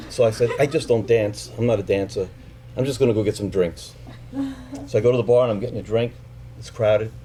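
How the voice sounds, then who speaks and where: A middle-aged man telling a personal story live, animated and profane as he acts out the people in it, then quiet and halting when he speaks about his family. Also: on the low side, slight background noise.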